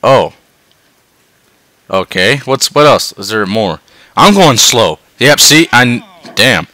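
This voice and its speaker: A man swearing his way through a game, dropping to tired mutters and then yelling in excitement. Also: medium pitch, takes it slowly. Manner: swearing, swinging between mutters and yelps. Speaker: gameplay commentator. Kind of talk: profane let's-play commentary.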